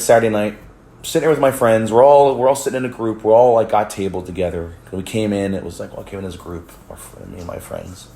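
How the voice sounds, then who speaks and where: A man's voice: on the low side, creaky, warm tone, reverberant. A man from the United States telling a story in a rambling vlog, with many restarts, swearing and laughs. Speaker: vlogger. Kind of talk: casual storytelling.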